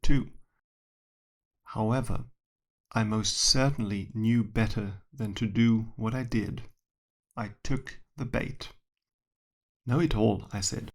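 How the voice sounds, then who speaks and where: A man's voice: on the low side, vocal fry. A man who works as a science educator, reading his own short story aloud in a dry, wry first-person manner.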